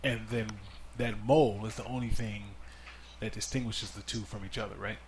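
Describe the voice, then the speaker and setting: A middle-aged man hosting a relaxed family movie review podcast, easygoing and steering the talk with guiding questions. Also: on the low side, normal speed, slight background noise. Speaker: podcast host interviewing his child.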